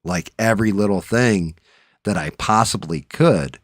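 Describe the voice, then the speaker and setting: A man hosting a casual chat show, telling stories in a profane, animated way that rises when he gets riled up, recorded in a home studio. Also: on the low side, a little slow, dry recording. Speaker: podcast host.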